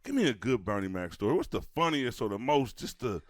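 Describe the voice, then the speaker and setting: A man hosting a podcast, excitable and laughing a lot, with heavy slang. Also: medium pitch, brisk, dry recording, clean studio sound. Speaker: podcast host. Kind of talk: casual podcast chat.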